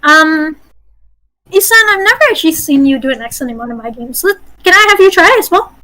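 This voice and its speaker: A woman's voice: sits high, animated, brisk, sharp tone, poor audio. A woman game master hosting a casual workshop, chatty and encouraging, laughing often as she gives feedback. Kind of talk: casual teaching.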